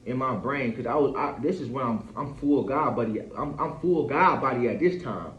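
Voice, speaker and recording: A man's voice: mid-range voice, moderate pace. A man in his thirties venting in a casual, rambling monologue. He swears freely and keeps checking in with his listener. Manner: rambling, profane, keeps asking "you feel me". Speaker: vlogger. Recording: echoey dull lo-fi room.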